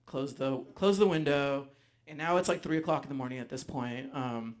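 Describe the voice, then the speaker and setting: A man telling a personal story live on stage, animated, acting out voices, with frequent ums. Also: mid-range voice, moderate pace. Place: stage before a live audience.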